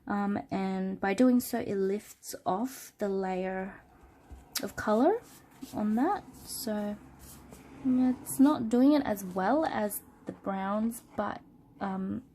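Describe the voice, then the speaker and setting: A woman with a cold and a nasal voice, casually reviewing an art product in an unscripted smartphone video and thinking aloud with many pauses as she works. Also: mid-range voice, slight background noise. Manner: relaxed, thinking aloud with many ums while working. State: sick with a cold. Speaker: art channel host.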